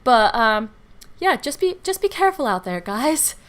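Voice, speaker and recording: A young woman with a smooth, clear voice talks to her viewers as a casual vlogger. She rambles chattily, with plenty of fillers and side remarks. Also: sits high, very animated, normal speed, a bit bright. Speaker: YouTube game builder. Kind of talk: casual storytelling over gameplay.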